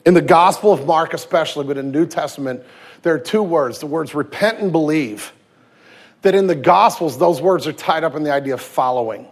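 A man in his thirties, a pastor preaching a sermon with lively storytelling, swinging from loud emphasis to hushed tenderness. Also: fairly high pitch, a little fast. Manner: acts out quoted voices and anecdotes.

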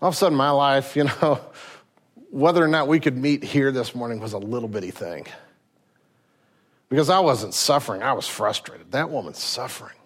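A middle-aged male pastor preaching an earnest sermon, dropping to a hush and then rising again. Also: mid-range voice, normal speed. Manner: earnest preaching, swinging from hushed to raised.

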